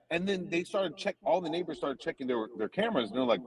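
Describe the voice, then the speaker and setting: A man in casual conversation, telling a funny personal story with lively laughter, heard from a distant phone. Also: fairly high pitch, quick pace, few pauses, breathy edge. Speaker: comedian guest. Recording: distant phone audio with crowd noise. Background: crowd chatter at a cookout.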